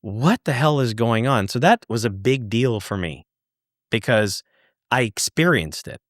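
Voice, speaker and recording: A man guest on a podcast, earnestly telling a story, halting and searching for words, swearing for emphasis. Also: medium pitch, lively intonation, dry recording, clean studio sound. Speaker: podcast guest, former UFO investigator. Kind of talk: conversational storytelling.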